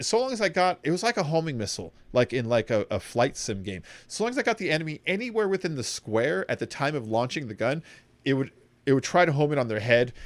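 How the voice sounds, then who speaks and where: A young man streaming a video game, chatting in a rambling, excitable way and swearing freely. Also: mid-range voice, no room sound. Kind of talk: casual gaming commentary.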